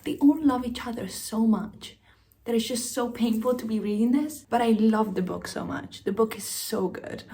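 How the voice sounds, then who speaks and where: Her voice sits a little high and sounds mellow, moving at an ordinary pace. She's a young book vlogger in casual conversation, effusive and emotional, sometimes lowering to almost a whisper.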